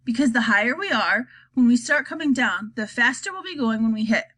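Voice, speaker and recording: A woman's voice: a little high, expressive, a little fast, a bit bright. A woman voicing a whimsical, eccentric male chocolate maker, grand and teasing in a storybook reading.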